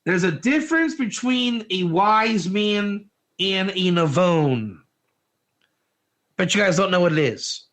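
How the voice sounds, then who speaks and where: A man giving an informal Torah class, energetic and joking, putting questions to his listeners in a classroom. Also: sits high. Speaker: Torah teacher.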